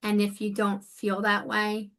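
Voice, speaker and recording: Bright-voiced woman, earnest coach. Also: medium pitch, monotone, measured pace. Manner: earnest, emotional, emphatic. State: near tears. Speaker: guest, life coach. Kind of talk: conversational interview.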